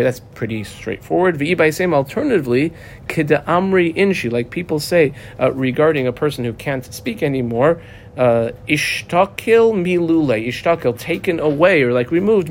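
A man's voice: a little high, a little hiss or hum. A man teaching a Talmud lesson, reading the text aloud, then translating and explaining it step by step, with frequent "uh"s.

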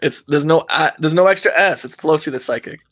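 A man's voice: fairly high pitch, quick pace, a bit bright, no echo. A man co-hosting a podcast in casual chat, talking loosely with frequent swearing and laughter. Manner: loose, profane, laughs often. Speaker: podcast co-host.

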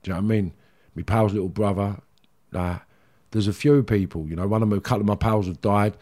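A middle-aged man from London, England, with a Cockney accent is the guest in a rambling interview, bluntly recounting his past and often dropping "do you know what I mean." His voice runs on the low side, steady and a little mellow, at a quick pace, in candid storytelling.

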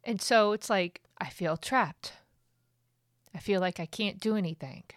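A woman's voice: mid-range voice, measured pace, no room sound, clean studio sound. A woman hosting a podcast, talking candidly and emotionally in a raw, venting monologue that swears freely. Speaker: podcast host.

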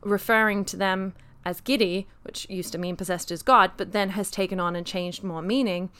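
Bright, crisp British woman chatting. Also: medium pitch, steady tone, normal speed. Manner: chatty, with frequent fillers and giggles. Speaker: podcast co-host. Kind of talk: casual chat explaining word origins.

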